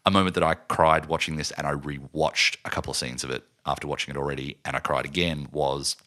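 Brief: deep-voiced male podcast co-host, forceful tone, animated. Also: fast. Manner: animated, acts out scenes in put-on voices. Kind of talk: casual film discussion.

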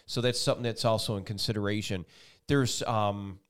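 A man's voice: lowish voice, steady tone, fairly quick, clean tone. Rambling enthusiastic male talk show host. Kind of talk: casual interview.

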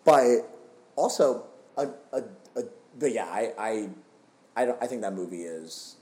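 Casting note: lively male co-host for casual film review, mid pitch, very expressive, echoey room. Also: a little slow. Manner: animated, jumps into silly character voices. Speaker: podcast co-host.

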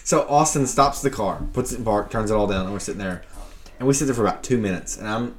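A young man, co-hosting a casual chat and telling an animated story, acting out quotes and laughing often. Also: lowish voice, fast. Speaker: podcast co-host.

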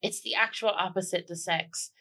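A woman's voice: lowish voice, steady tone, moderate pace, bright, forceful tone. A woman guesting on a comedy podcast, telling rambling, self-mocking stories in casual chat and laughing often.

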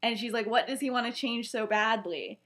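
A woman's voice: on the high side, moderate pace, fairly bright tone. Chatty young woman retelling a story. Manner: chatty, heavy use of "like" and "he's like" quotes. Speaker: podcast co-host.

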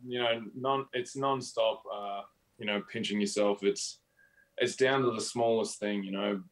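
A man's voice: on the low side, fairly even intonation, a little slow, poor audio. An Australian man as an interview guest, talking casually and rambling with lots of fillers. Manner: rambling, full of "you know" fillers.

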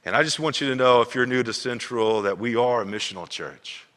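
A man's voice: medium pitch, brisk, fairly bright tone. Emphatic preacher man in a reverberant hall. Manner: emphatic, repeats words, acts out quoted voices. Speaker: pastor. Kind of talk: sermon.

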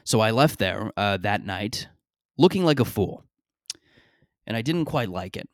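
A man's voice: on the low side, measured pace, no room sound, studio quality. Rambling, profane man telling stories. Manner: rambling, profane, animated storytelling with stammered restarts. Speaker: podcast host. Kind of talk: casual comedic monologue.

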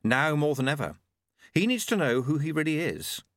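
A man voicing a calm, determined young woman. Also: on the high side, no echo, studio quality, voice pushed up. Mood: gentle. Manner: measured, gentle but persistent.

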